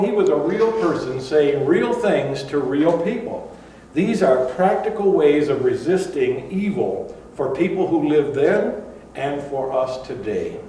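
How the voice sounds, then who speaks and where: A man's voice: medium pitch, darkish tone, a little hiss or hum. An older man preaching a sermon in a conversational storytelling way, with asides and fillers. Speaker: pastor. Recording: echoey room, far from mic.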